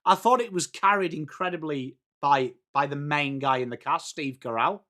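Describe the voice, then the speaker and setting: A young English man hosting a live football watchalong, chatting excitably with viewers and calling out plays. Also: on the high side, normal speed. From England. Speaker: watchalong stream host.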